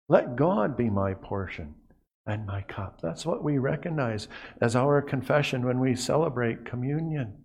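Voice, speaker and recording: A man preaching a sermon as a pastor, earnest, often dropping to a hushed voice on key phrases and repeating words as he goes. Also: mid-range voice, expressive, measured pace, slightly rough.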